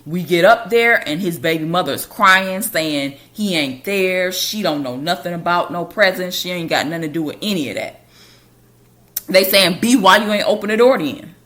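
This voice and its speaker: Casual low-voiced woman telling a story. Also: fairly bright tone. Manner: casual and conversational, with loose colloquial grammar. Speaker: podcast host telling a personal story.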